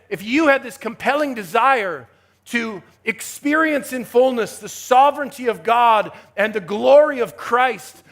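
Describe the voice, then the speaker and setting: A man preaching a chapel sermon with emphatic delivery, swinging from hushed asides to rising exhortation. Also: very high voice, vocal fry. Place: university chapel.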